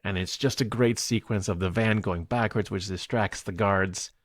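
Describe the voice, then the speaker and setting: A man co-hosting a movie podcast, retelling film scenes in a casual, animated way and laughing often. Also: lowish voice, moderate pace, no room sound. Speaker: podcast co-host. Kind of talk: casual movie review chat.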